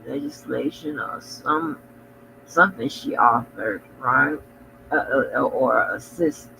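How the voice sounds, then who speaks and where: A very sleepy livestream host rambles drowsily through a casual stream, yawning and trailing off into mumbles. His mid-range voice is creaky, and background noise is audible.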